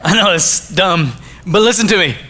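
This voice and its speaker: A man from Arkansas, giving a jokey, animated storytelling talk to a school audience. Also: high-pitched, normal speed. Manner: animated, jokey, acts out his own quotes. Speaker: motivational speaker.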